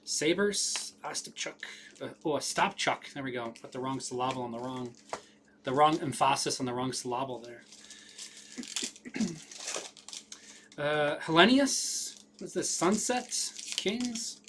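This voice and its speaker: A man's voice: medium pitch, lively intonation, unhurried, long pauses, fairly bright tone, a little hiss or hum. A man hosting a live card break, rattling off names with casual running commentary.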